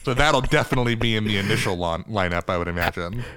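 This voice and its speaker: A man's voice: fairly low pitch, expressive, fast, fairly bright tone, a little hiss or hum. A man co-hosting a podcast in casual chat, joking and rambling, swearing now and then. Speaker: podcast co-host.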